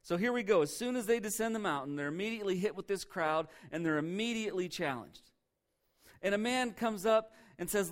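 A pastor preaches to his congregation in a fairly high voice, leaning hard on key words. He keeps it conversational, tossing rhetorical questions out to the room. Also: fairly quick. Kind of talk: sermon.

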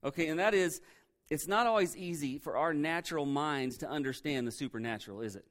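A man's voice: a little high, fairly quick, a bit bright. A male pastor preaching a sermon in a church, conversational and full of rhetorical questions.

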